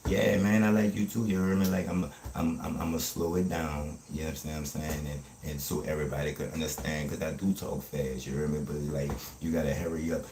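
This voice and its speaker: A man, talking fast and streetwise in a casual livestream chat, often asking "you heard me". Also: very deep voice, flat delivery, warm tone, reverberant, slight background noise.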